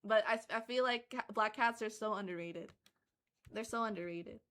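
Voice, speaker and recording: A woman's voice: mid-range voice, normal speed, a bit bright. A young woman livestreaming in casual chat, rambling with lots of fillers, who says she lives in Canada. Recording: faint music behind.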